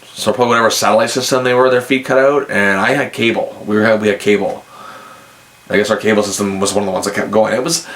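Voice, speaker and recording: Low-voiced man telling a story casually. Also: fast talker. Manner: animated, acts out both sides of phone calls. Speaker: podcast host.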